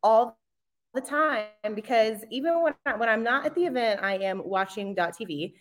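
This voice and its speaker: Lively, bubbly woman chatting. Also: a little high, normal speed. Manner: bubbly, animated, laughs often. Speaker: guest, media relations manager. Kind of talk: casual podcast chat.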